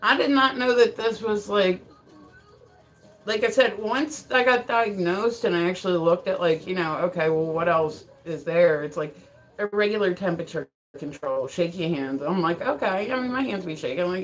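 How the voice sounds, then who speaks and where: A woman's voice: fairly low pitch, normal speed, poor audio. A woman livestreaming in casual chat, telling rambling stories full of swearing and often breaking into laughter as she reads viewer comments aloud. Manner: profane, rambling storyteller; laughs often mid-sentence.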